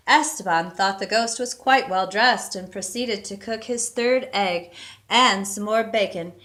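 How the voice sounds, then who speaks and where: A woman reading a storybook aloud with steady, expressive narration. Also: medium pitch.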